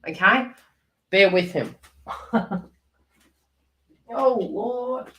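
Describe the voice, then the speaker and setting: A woman's voice: medium pitch, very slow, pushed and bright, reverberant, far from the mic, rough recording. Earnest rambling woman reading cards. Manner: rambling, earnest, talks straight to viewers by name. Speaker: psychic card reader. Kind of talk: live twin flame card reading.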